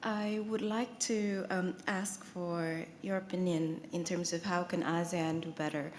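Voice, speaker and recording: Young woman from Indonesia, lowish voice, audience question, hall reverb. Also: steady tone. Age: young adult. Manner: quick and polite, with hesitations. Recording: reverberant hall with faint noise.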